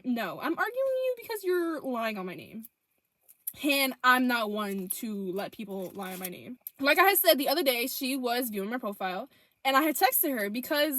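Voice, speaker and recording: A woman's voice: high voice, very animated, normal speed, a bit bright, dry recording. A young woman telling a storytime vlog, blunt and heavy on profanity, reading out text messages.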